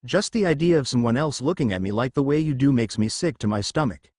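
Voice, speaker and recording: A man's voice: mid-range voice, animated, quick pace, a little mellow, no room sound, studio quality, close to an everyday voice. A man voicing a shy young fox spirit woman in human form, meek and stammering, in a fan fiction audiobook. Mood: bashful.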